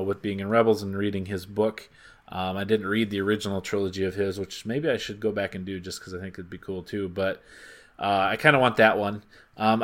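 A man's voice: on the low side, a bit bright. A man co-hosting a casual podcast chat, rambling with lots of ums and playful teasing. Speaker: podcast co-host.

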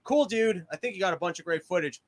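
A man with a high, bright voice rambles through profane comic rants. He is hosting a casual podcast from a small shed studio. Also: expressive, fast talker. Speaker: podcast host.

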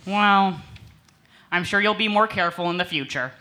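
A woman playing a smug male high school principal. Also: normal speed, pushed and bright. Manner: smug, dismissive, sarcastic. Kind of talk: comedic table read.

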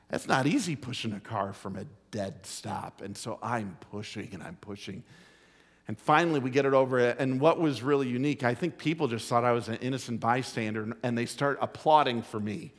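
A middle-aged man preaching a sermon as pastor, telling a folksy story with emphatic, drawn-out phrasing. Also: mid-range voice, fairly bright tone. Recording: long hall reverb.

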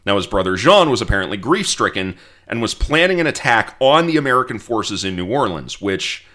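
Lively low-voiced man narrating history. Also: a little fast. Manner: storytelling, reads quotes aloud, wry asides. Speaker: podcast host.

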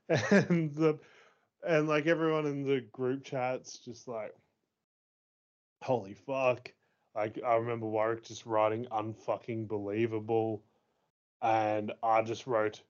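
A man in his thirties co-hosting a casual chat. He talks excitably, swears freely and laughs often. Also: mid-range voice, takes it slowly, pauses often. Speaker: podcast co-host. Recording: dull lo-fi sound.

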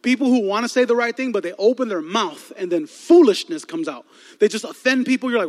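High-voiced pastor telling stories. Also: male voice, sing-song, fairly quick. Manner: storytelling with comic asides to the congregation. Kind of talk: sermon. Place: large church hall. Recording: long hall reverb.

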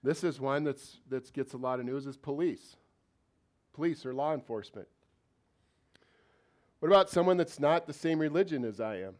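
A man's voice: mid-range voice, moderate pace, long pauses, darkish tone. A man preaching a sermon as pastor of a church, talking in a conversational way and asking the congregation many questions.

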